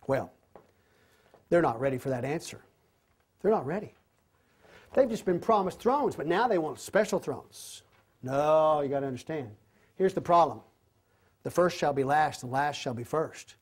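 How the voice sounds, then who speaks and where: Animated man teaching Bible study. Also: a little high, husky. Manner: animated retelling with repeated emphatic phrases; softer, slower closing prayer.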